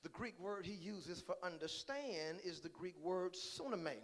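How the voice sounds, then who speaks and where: Man preaching, high voice, church sermon, climbs to loud calls, repeats his first words. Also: measured pace. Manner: builds from calm teaching to shouted preaching; repeats words as he starts lines. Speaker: pastor. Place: church sanctuary.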